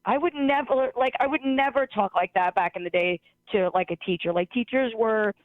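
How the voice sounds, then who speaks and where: A man's voice: high-pitched, normal speed, no echo. A man who is a schoolteacher calling into a talk show, venting in an exasperated way with lots of "like" fillers. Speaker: caller, schoolteacher. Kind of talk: casual phone call-in chat. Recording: tinny phone line.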